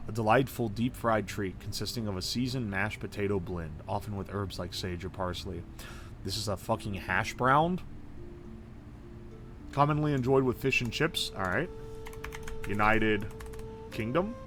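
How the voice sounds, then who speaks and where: A man streaming a game live, reading out ingredient lists and swearing in loud disbelief, then making himself talk calmly. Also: mid-range voice, slow pace, soft background music. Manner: excitable and profane, swearing and yelling in disbelief. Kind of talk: live-stream gaming commentary.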